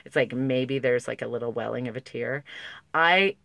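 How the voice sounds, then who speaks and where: A woman's voice: extremely low pitch, moderate pace, gravelly, a bit bright, no echo. A woman talking candidly to camera, emotional and close to tears, with lots of likes and restarts. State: on the verge of tears. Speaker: parenting vlogger. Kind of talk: casual talk to camera.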